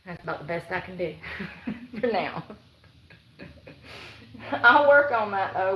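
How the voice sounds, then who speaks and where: A woman's voice: high-pitched, expressive, takes it slowly, pauses often, a bit bright, roomy sound, rough recording. A woman chatting casually on a livestream, rambling, sighing and laughing at herself. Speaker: vlogger. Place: outdoors in the woods.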